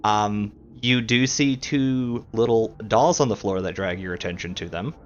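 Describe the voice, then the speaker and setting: Rambling male game master on a muffled stream mic, soft background music. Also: lowish voice, normal speed. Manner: rambling, many fillers. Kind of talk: narrating a tabletop game. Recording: dull lo-fi sound with faint music.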